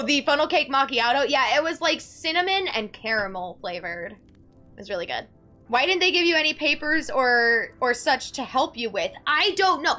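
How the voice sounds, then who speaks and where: A woman telling a story casually to her chat, animated and dramatic in her ranting. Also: high voice. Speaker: streamer.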